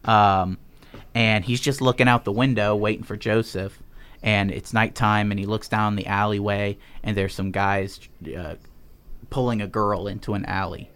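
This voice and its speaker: Male podcast host, lowish voice, rambling, casual storytelling with restarts. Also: level tone, normal speed, a bit bright, clear, resonant tone. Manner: rambling, full of ums and restarts.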